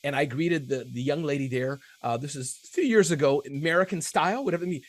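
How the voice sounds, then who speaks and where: A man hosting a casual panel chat, telling self-deprecating stories in an animated way. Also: on the high side, fast talker. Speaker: host.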